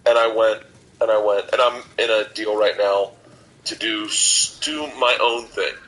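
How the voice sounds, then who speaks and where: A man's voice: on the low side, measured pace, fairly bright tone. A man who is a guest comedian in a casual podcast chat, rambling and repeating himself, swearing freely and getting choked up as he talks. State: emotional, near tears. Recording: noisy recording.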